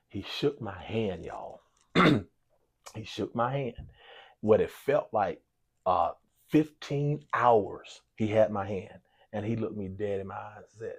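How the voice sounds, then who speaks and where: A man's voice: lowish voice, slow pace, slightly rough. A man, a basketball coach telling a long personal story in an interview, repeating himself and acting out the dialogue. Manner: animated storyteller, acts out dialogue, frequent repetitions and "y'all". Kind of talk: storytelling in a sports talk interview.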